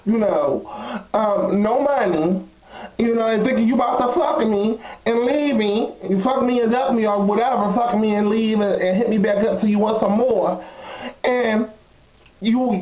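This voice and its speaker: A male storyteller with a high voice lightly acts the part of a sassy, blunt young woman, frankly telling a comic dating confession and laughing between lines. This comedic confession monologue is recorded in a roomy space that sounds slightly dull.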